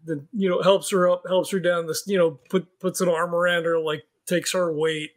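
Male player, high voice, hesitant, thinks aloud. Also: level tone, normal speed. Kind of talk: tabletop game chat.

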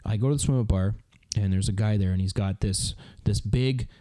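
A man's voice: fairly low pitch, brisk, warm tone, no room sound. A Canadian man in his thirties hosting a podcast, telling a rambling story with lots of fillers in a casual chat. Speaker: podcast host.

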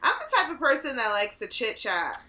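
A woman's voice: fairly high pitch, huge pitch swings, fairly quick, crowd noise. A woman co-hosting a casual chat, teasing and blunt, laughing a lot.

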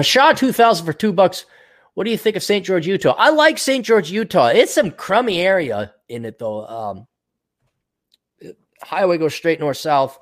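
A man hosting a casual livestream, reading out donations and rambling in a crude, self-mocking way. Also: fairly high pitch.

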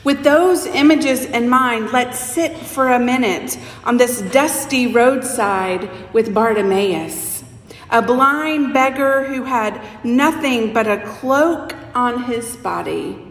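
A woman preacher giving a sermon, telling the story slowly and expressively and voicing the people in it. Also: a little high. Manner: slow, expressive storytelling with voiced quotes. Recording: echoey church hall with long reverb.

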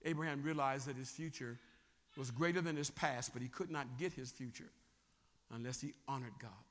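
A man preaching a sermon as a bishop, animated and often asking the congregation whether they are still with him. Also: mid-range voice, moderate pace, big-room sound.

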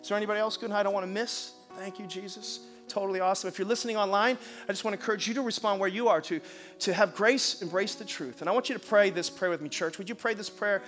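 Male pastor, high and bright tone, sermon with a soft guitar under it. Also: racing. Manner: animated storyteller, then hushed and earnest in prayer. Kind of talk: sermon with storytelling and altar call. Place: church auditorium.

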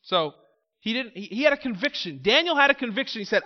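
High-voiced male preacher. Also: animated, fast talker, in a large hall. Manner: emphatic, asks rhetorical questions, calls out "Amen?". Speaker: pastor. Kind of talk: sermon. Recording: slightly muffled recording.

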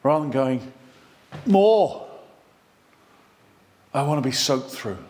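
A man preaching a sermon in an excitable, animated way, with self-deprecating humour. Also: medium pitch, fairly quick.

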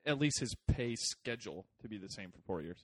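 Animated man ranting on a podcast. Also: on the low side, a little fast, breathy edge. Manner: animated, swearing, jokey rants. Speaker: podcast co-host. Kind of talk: casual soccer podcast banter.

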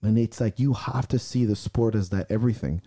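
A man speaks with a deep, very dark and mellow tone in a loose podcast chat. He tells his story with raw intensity and a lot of swearing, and he acts out the heated self-talk he used to push himself. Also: fairly quick, dry recording, clean studio sound. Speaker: strongman athlete and podcast guest. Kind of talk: casual podcast conversation.

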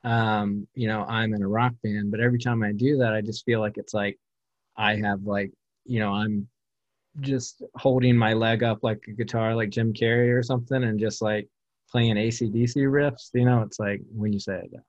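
A man's voice: fairly low pitch, steady tone, moderate pace, no echo. A man hosting a podcast in casual conversation, talking in a loose, rambling way full of filler words. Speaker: podcast host. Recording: dull lo-fi sound.

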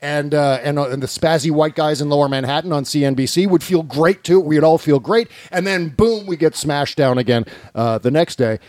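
A man hosting a casual political talk show, animated and joking as he riffs. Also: fairly high pitch, brisk, few pauses, no echo, studio quality. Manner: animated, joking, with frequent restarts. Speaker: host.

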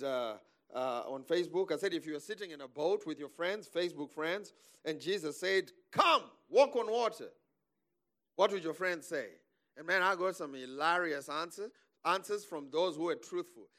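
Male preacher, fairly high voice, animated sermon delivery with call-and-response. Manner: animated, calls for amens, laughs.

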